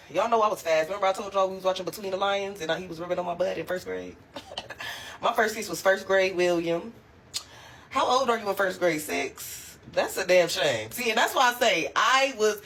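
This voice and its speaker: A young woman telling a casual storytime, animated and slangy, laughing as she goes. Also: mid-range voice, slightly rough. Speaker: storytime vlogger.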